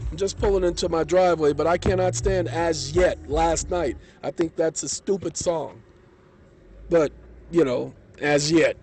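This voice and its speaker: A man's voice: a little high, a little slow, a little mellow, slight background noise. A man vlogging from his car, telling a rambling story in an indignant, boastful way. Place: in his car, parked in a driveway. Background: car radio song playing.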